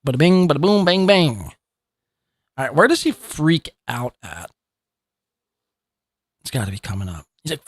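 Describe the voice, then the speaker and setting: A man's voice: a little high, big pitch swings, moderate pace, long pauses, no room sound. A man hosting a live commentary podcast, talking in a profane, mocking and rambling way. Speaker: podcast host.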